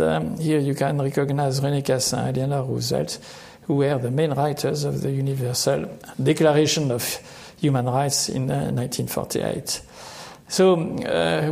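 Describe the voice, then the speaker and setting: An older man giving an academic lecture over slides, halting and pausing often on fillers. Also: medium pitch, vocal fry, a little mellow. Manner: halting, many filler pauses.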